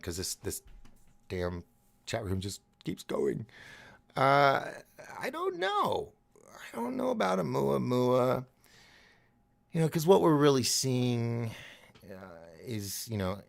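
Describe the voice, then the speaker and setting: A man with a fairly low, gravelly voice hosts a relaxed live stream, reading chat comments aloud. He rambles, restarts his sentences and thinks out loud as he goes.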